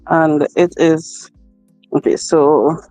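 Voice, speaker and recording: Speaking low in a steady, dark tone, a woman hosts a casual livestream and reads viewer comments slowly, repeating herself and laughing often. The low-quality phone recording has no room sound and faint music behind.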